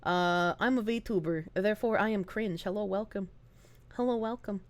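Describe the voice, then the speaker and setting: A young Boston-area streamer and VTuber with a Boston accent chats casually on a livestream through a streaming mic, in a mid-range voice at normal speed. She rants, swears a lot and laughs often.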